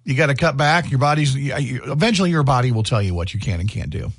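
A man's voice: mid-range voice, fast talker, breathy edge, no room sound, clean studio sound. A middle-aged man, co-hosting a morning radio show and telling stories in casual banter. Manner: chatty storyteller, animated, laughs easily.

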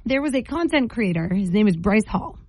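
A woman's voice: medium pitch, sing-song, fairly quick, darkish tone, no room sound, poor audio. A woman hosting a morning radio show, telling a story with strong opinions. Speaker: radio host.

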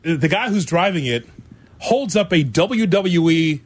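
A man hosting a sports talk radio show with lively, joking banter. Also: a little high, unhurried. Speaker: radio host.

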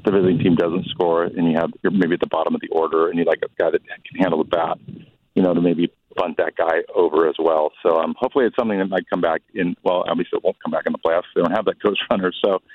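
A male baseball analyst talks quickly in a low voice, easygoing and conversational. He sounds thin and tinny, like a phone line into a radio studio, with a dry, close sound. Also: no room sound. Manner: laid-back, conversational with fillers.

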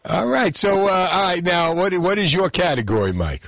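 Radio guy hosting a call-in quiz, bit high voice, bouncy and jokey. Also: moderate pace, gravelly, no echo. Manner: jokey, animated. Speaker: radio host.

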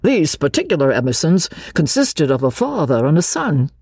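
A woman voicing a gossipy middle-aged clergyman with halting, chattering speech in an audiobook. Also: low voice, sing-song, a little mellow, husky, dry recording, studio quality, exaggerated voice. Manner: chattering, hesitant.

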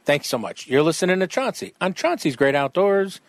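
A man's voice: on the high side, no room sound, studio quality. A man hosting a casual outdoors radio talk show, joking and chatting with guests. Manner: jokey, animated, quick asides.

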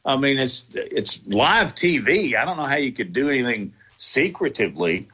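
A man hosting a sports talk radio show, easygoing and quick to laugh. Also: mid-range voice, lively intonation, bright, forceful tone, breathy edge.

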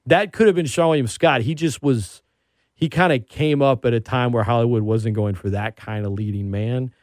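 A man hosting a casual talk show, an animated storyteller who gets worked up. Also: mid-range voice, moderate pace, no room sound, clean studio sound. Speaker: podcast host. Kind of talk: casual chat.

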